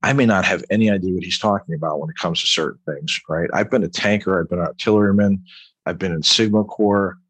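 A man's voice: deep voice, fast, a bit bright, breathy edge, no echo. A man from Long Island, an author and veteran, talking at length in an interview, emphatic and rambling, often tagging "right?". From Long Island, New York. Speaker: author, military veteran guest. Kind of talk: conversational interview.

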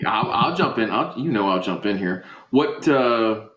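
A man's voice: lowish voice, expressive, measured pace, a loud crowd. A man co-hosting a podcast, chatting casually and teasing the guest. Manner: joking, teasing. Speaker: co-host. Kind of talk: casual chat.

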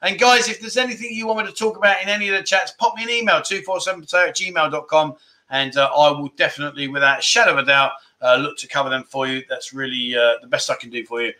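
A man's voice: on the high side, fairly even intonation, fast, pushed and bright. A man hosting a casual livestream chat, effusive and chatty as he keeps thanking his viewers. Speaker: livestream host.

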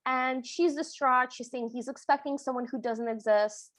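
A woman's voice: high-pitched, moderate pace, a bit bright. A woman co-hosting a podcast, retelling movie scenes in an enthusiastic, casual way. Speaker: podcast co-host. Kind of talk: casual movie recap chat.

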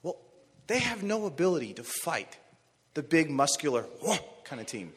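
Lively high-voiced guy preaching, bit husky, big echoey church hall. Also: moderate pace. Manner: animated storytelling, rises to shouts on key phrases. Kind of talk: sermon. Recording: long reverb of a large hall.

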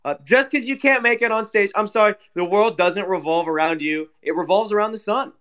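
A man's voice: high voice, a little fast, a bit bright, clear, resonant tone. A man co-hosting an online audio chat, swearing and complaining sarcastically. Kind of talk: heated casual chat.

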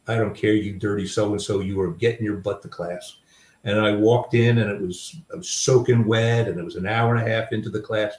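This is an older man appearing as a guest author, recounting personal stories in a thoughtful, conversational way with plenty of fillers. He speaks low, with a darkish tone, and the audio is roomy from a distant mic.

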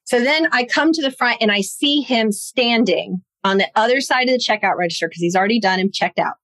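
A woman with a fairly high voice tells a personal story in a relaxed podcast conversation. She acts out what she and others said, with lively jumps in tone. The sound is close and dry. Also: brisk, no room sound. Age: adult, parent of a young son. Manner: animated, acts out her own and others' quoted lines.

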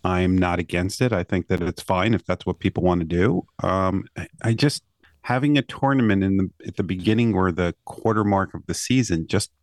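A man's voice: sits low, moderate pace, no echo, studio quality. A man co-hosting a sports radio show, skeptical and questioning as he makes his points.

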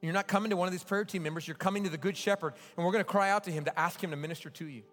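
A high-voiced male pastor preaches in a large church sanctuary, rising to loud urging and then dropping to a hushed plea. His words ring out with a long reverb, and faint music plays behind him. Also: very fast. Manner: impassioned preaching that swings between loud urging and hushed pleading. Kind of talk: sermon with altar call.

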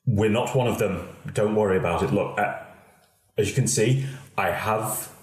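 A man voicing his tabletop character, a calm survivor talking a frightened gunman down. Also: on the low side, moderate pace, natural voice. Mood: reassuring. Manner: calm, reassuring. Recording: echoey room.

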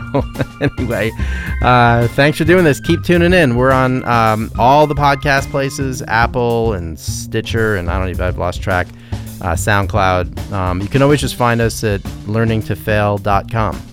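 A man hosting his own podcast, talking casually and poking fun at himself. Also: fairly low pitch. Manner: self-deprecating, rambling outro. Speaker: podcast host.

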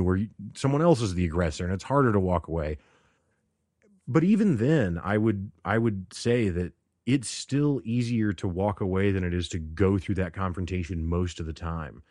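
A man's voice: lowish voice, a little mellow, no room sound, clean studio sound. A man hosting a casual solo podcast, talking loosely, laughing often and acting out the people he quotes. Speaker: podcast host.

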